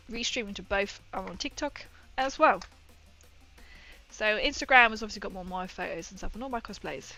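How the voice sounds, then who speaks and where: A woman hosting a casual live stream while she paints miniatures, chatting excitedly and greeting her viewers. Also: medium pitch. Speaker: livestream host painting miniatures. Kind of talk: casual livestream chat.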